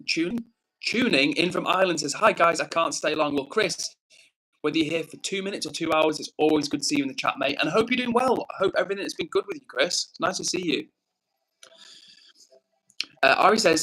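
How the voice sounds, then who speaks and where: A man in his thirties with an English accent, casually hosting a live stream, reading viewer comments aloud and giving friendly shout-outs. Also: fairly high pitch. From England. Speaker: livestream host.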